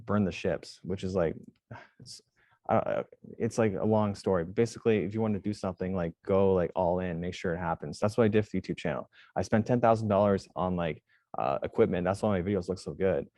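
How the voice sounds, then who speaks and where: A man's voice: low voice, fairly quick, mellow, no echo, studio quality. A young man, a jiujitsu instructor, answering interview questions casually in a rambling way, full of fillers and restarts. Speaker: jiujitsu instructor and gym owner.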